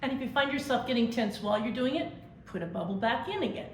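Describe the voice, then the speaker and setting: A woman leading a vocal warm-up, giving brisk, encouraging instructions and singing exercise syllables. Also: fairly high pitch, expressive. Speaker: vocal coach. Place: large convention hall. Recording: echoey hall, faint noise.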